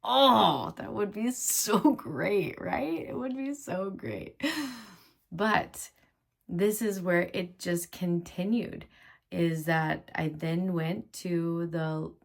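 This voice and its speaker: A woman's voice: on the low side, drawn-out words, vocal fry. A woman in her thirties, a mother of five, telling her own story to camera in a casual, laughing way, dropping to a whisper when she voices her thoughts. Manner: animated, laughing, drops into whispers for inner thoughts.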